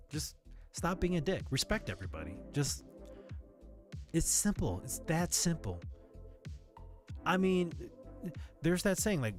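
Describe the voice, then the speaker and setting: A man streaming live in casual chat, rambling and ranting with frequent swearing. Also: a little high.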